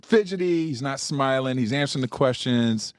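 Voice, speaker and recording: A man, an entertainment journalist, telling an animated story on a podcast and acting out what people said. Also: mid-range voice, normal speed, clean tone, no echo. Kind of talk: storytelling anecdote in a podcast interview. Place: studio.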